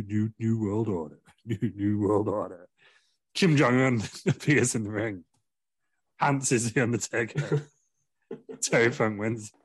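A man's voice: medium pitch, slightly rough, dry recording. A man telling a rambling comic wrestling story, laughing through his own jokes. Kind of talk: comedic storytelling.

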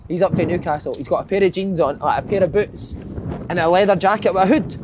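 A Scottish man hosting a football podcast, telling stories in a lively, swearing, laddish way. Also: high voice, quick pace, noisy background. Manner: lively storyteller, swears freely. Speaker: podcast host. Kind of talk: casual football chat.

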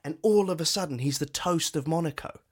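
A man's voice: a little fast, husky. A man co-hosting a comedic podcast, chatting loosely and jumping into exaggerated voices. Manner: animated, jumps into high exaggerated voices for impressions. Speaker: podcast co-host. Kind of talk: casual comedic chat.

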